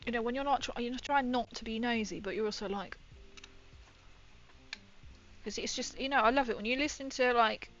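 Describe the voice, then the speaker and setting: A woman's voice: on the high side, normal speed, long pauses, a bit bright. A woman chatting casually and rambling, laughing often as she builds a model kit on a livestream. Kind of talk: casual chat while building. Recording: dull lo-fi stream audio.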